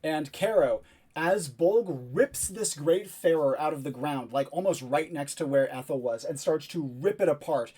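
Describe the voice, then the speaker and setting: A man's voice: on the high side, moderate pace, mellow, slightly rough. A man narrating a tabletop role-playing game as game master, describing the action with many fillers.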